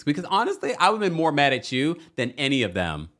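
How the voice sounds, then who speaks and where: Animated, sassy man recapping reality TV. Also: a little high, fairly quick. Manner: animated and sassy, acts out quotes in shifting voices; chatty, addresses viewers directly. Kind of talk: casual recap commentary.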